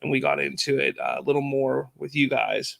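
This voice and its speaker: A man's voice: medium pitch, steady tone, fairly quick, creaky, fairly bright tone. A man in his thirties hosting a casual family chat as a father, easygoing and joking, chuckling often. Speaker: podcast host and father.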